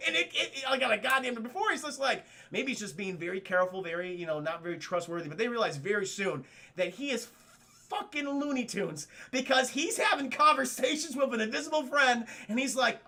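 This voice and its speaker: A man streaming a casual, excitable and profane film recap, often addressing his chat. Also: very high-pitched, fairly quick.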